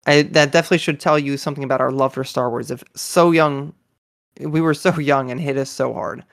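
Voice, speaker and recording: A man in his twenties in a casual chat, talking earnestly and excitedly as a fan. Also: mid-range voice, brisk, creaky, no room sound, studio quality. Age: 20s.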